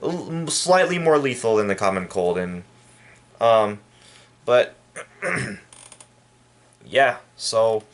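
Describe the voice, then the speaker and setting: A man from El Paso, Texas, giving a rambling, halting and indignant opinion rant to his viewers. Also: medium pitch, animated. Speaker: vlogger. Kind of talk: casual opinion rant to camera.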